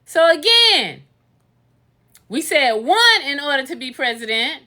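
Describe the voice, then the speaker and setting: A woman's voice: high-pitched, very animated, a little slow, sharp tone. A woman talking casually to her viewers on a phone livestream, emphatic and full of sing-song repetitions. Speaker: livestreamer and real estate instructor.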